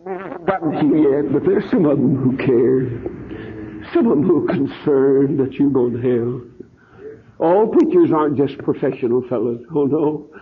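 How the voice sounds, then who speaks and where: An older man preaching a sermon, telling stories in a folksy way, his voice quiet at times and rising at others. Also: medium pitch, normal speed. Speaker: pastor. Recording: tinny phone-like old sermon recording.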